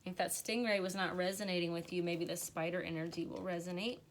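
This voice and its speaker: A woman's voice: lowish voice, level tone, fast, slight background noise. A woman giving an earnest, encouraging tarot reading on a live stream, on the verge of tears at times. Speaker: tarot reader.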